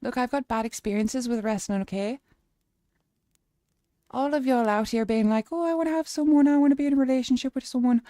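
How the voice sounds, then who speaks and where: A woman streamer putting on an Irish accent to play a cheeky Irish woman telling a bawdy story in a lively, exaggerated way during a livestream chat. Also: a little high, normal speed, long pauses, no echo, clean studio sound, voice pushed up, natural voice. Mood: mock-grumbling.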